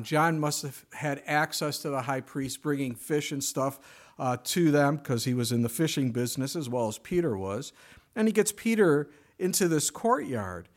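A male pastor preaching a conversational sermon, his voice dropping soft and quiet in emotional moments. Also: a little high.

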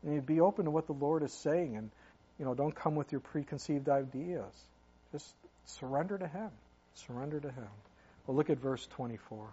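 A man's voice: fairly high pitch, normal speed, mellow, slightly rough, muffled recording. A man preaching a sermon as pastor, talking in an earnest, conversational way with many fillers.

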